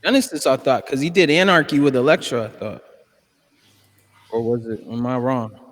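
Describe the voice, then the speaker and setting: A man's voice: mid-range voice, moderate pace. A man chatting casually about hip-hop beats, laid-back and slangy, calling people "bro" and "man".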